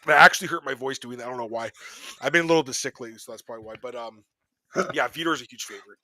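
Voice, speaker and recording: A man's voice: mid-range voice, very fast, bright, forceful tone. A man hosting a podcast, chatting casually about fight picks with lots of laughter and rambling banter. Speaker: podcast host. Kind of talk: casual sports betting chat.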